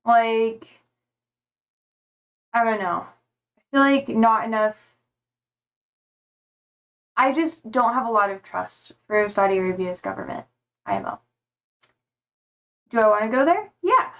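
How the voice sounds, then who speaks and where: A tired young woman livestreamer chatting casually, reading out viewer comments with lots of fillers and a slightly hoarse voice. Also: on the high side. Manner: rambling, hesitant, many fillers and swear words.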